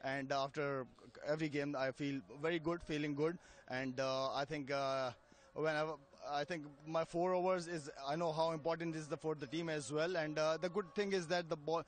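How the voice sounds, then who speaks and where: Man, cricketer, interview, halting, fillers, raised pitch. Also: steady tone. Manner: halting, many fillers and restarts. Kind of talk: post-match style interview.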